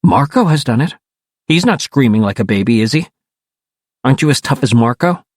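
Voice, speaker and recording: A steady, coaxing teenage girl from an audiobook, gentle on the surface but quietly persuasive, read by a man. Her delivery rises and falls with lively pitch, and the sound is dry and close. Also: brisk, no echo, natural voice. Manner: calm, coaxing.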